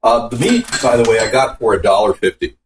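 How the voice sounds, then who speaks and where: A man's voice: fairly low pitch, big pitch swings, a little fast, background noise. A man hosting a casual cooking show from his home kitchen, chatting and answering viewer comments as he goes. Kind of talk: casual live-stream cooking chat.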